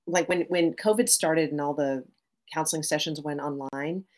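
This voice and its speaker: A middle-aged woman therapist talks as a guest on a podcast. Her voice sits low, and she speaks in an animated way, restarting phrases and checking in with "right?". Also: normal speed. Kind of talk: podcast interview.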